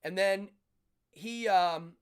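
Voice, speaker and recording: A middle-aged man hosting a livestream, chatting casually with viewers and telling a story in an animated way, acting out the lines of the people in it. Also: high voice, very slow, smooth. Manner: animated storytelling, acts out dialogue, frequent restarts. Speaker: livestream host. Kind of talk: casual chat with live viewers.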